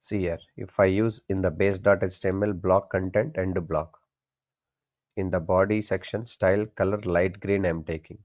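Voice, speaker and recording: A programming instructor with a very low voice teaches a coding class in plain classroom speech at a moderate pace and fairly even intonation. He poses questions to students, answers them himself and repeats each key point, on a dull, lo-fi recording.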